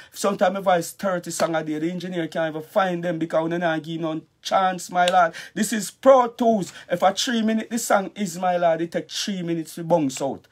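A Jamaican man, a dancehall artist, ranting angrily in a vlog, cursing and calling the listener brother over and over. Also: high voice. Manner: angry, cursing, repetitive address of the listener. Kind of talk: heated vlog rant.

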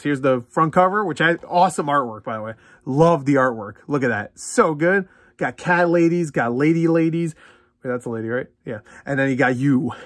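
A man's voice: medium pitch, fairly bright tone, no room sound, studio quality. A young man ranting in a casual, profane, exasperated way while unboxing a video game. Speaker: gaming vlogger.

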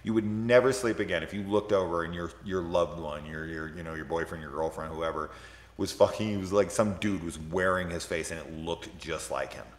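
A man's voice: low-pitched, fairly quick. A man in his thirties talking casually about movies on a livestream, rambling, swearing and laughing often. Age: 30s. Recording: echoey room with long reverb.

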